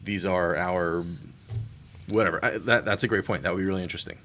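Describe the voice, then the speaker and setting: A man's voice: deep voice, fairly even intonation, fast, a bit bright, slight background noise. A man co-hosting a casual beer podcast, laughing often and talking with many fillers and restarts. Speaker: podcast co-host. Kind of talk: casual chat.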